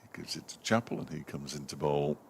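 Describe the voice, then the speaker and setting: A man's voice: very deep voice, animated, fairly quick, creaky, a little hiss or hum. A man giving live ball-by-ball cricket commentary from a commentary box, lifting his voice to call the runs.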